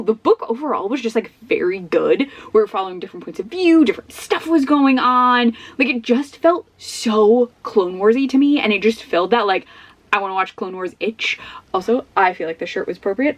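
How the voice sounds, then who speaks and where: A woman's voice: medium pitch, expressive, fairly quick. A young woman talking casually at home in a book vlog, chatty and bubbly. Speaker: book vlogger. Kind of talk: casual chat.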